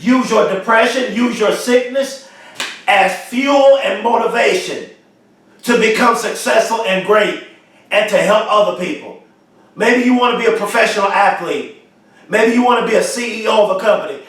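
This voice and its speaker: A man giving a motivational speech, emphatic and repetitive, stretching key phrases slowly for emphasis. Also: high voice, a bit bright. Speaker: motivational speaker. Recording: very echoey room, mic far off.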